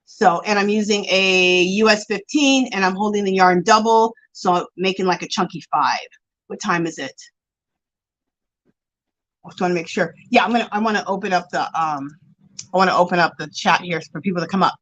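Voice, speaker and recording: A woman's voice: medium pitch, fairly quick, poor audio. Chatty woman greeting her livestream viewers. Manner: reads viewer comments aloud and greets them warmly by name; chatty, animated, with gushing exclamations. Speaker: livestream host. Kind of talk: casual livestream chat.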